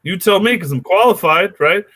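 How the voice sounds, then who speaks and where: A man from the United States talks casually as a podcast guest, joking, laughing and swearing freely. His voice is bright and fairly high, and the sound is dry and close. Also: lively intonation, normal speed, dry recording. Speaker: guest comedian and producer.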